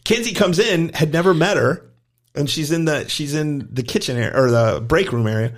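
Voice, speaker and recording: Animated male gymnastics coach telling stories. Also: a little high, moderate pace. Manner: animated, acts out quoted voices in his stories. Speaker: gymnastics coach and podcast co-host. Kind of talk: casual storytelling chat.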